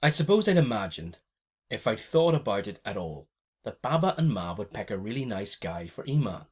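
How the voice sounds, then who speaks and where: Low-voiced man reading a story. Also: sing-song, moderate pace, breathy edge. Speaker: audiobook narrator.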